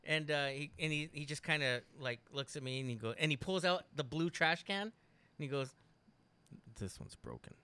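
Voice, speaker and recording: Bright-voiced man telling a story. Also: on the high side, fairly quick, clean tone. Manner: animated storyteller, laughs often, rambling restarts. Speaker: podcast co-host. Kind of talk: casual chat, telling a story.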